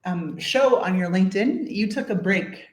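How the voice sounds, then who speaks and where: A woman's voice: medium pitch, animated, moderate pace. A Canadian woman hosting a casual interview, playful and fond of jokes. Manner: playful, joking, chatty. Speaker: interview host. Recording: echoey room.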